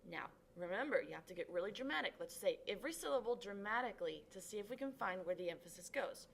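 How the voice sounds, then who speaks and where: A woman's voice: mid-range voice, lively intonation, fast, creaky. An upbeat woman tutor talks a class through a lesson step by step. She stretches out syllables dramatically to show where the stress falls. A faint background noise sits under her voice. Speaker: Spanish tutor.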